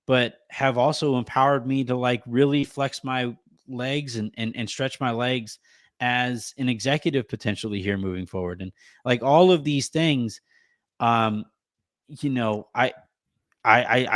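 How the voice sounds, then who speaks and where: Male podcast host, 30s, mid-pitched, choked up and rambling, dry close mic at home. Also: a bit bright, no room sound. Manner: rambling, halting, many restarts and fillers. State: holding back tears. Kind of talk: emotional thank-you on a sports podcast.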